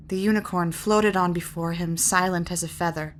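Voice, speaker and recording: Measured woman narrating a fantasy story. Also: on the low side, steady tone, slight background noise. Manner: measured, lyrical reading. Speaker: reader. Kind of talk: audiobook narration.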